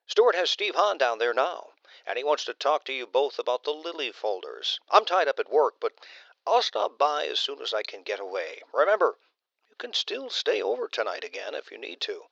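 A man voicing a smooth, coaxing male friend with a gravelly, reassuring manner. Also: medium pitch, very animated, moderate pace, bright, forceful tone, no room sound, lo-fi sound, pitched above the performer's own voice, heavily acted.

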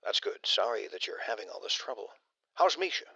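Narrator doing a gravelly, coaxing man; lively pitch, lo-fi sound. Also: fairly quick, no echo, full character voice. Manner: coaxing, reassuring.

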